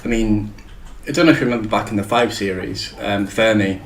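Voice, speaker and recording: A man's voice: lowish voice, brisk, roomy sound, slight background noise, poor audio. A man hosting a casual tech chat show, rambling and joking with frequent swearing. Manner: rambling, swears freely, jokey. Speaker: show host.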